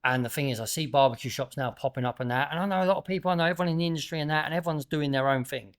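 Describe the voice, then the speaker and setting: A man hosting a podcast, chatting casually and telling lively anecdotes. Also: fairly high pitch, racing, clean tone. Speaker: podcast host and barbecue shop owner.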